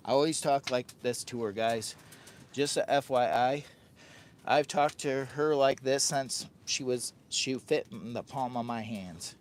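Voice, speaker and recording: A man's voice: mid-range voice, unhurried. An older man talks casually through a livestream from his hot tent on a windy day. He rambles in a friendly way, repeats phrases and talks about himself in the third person. Faint noise sits under his voice. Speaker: camping livestream host.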